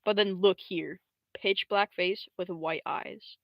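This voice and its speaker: A young adult woman livestreaming in casual, slangy, rambling talk, swearing freely and jumping into squeaky high voices to quote characters. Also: steady tone, takes it slowly, vocal fry, muffled recording, slight background noise. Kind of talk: casual live-stream commentary.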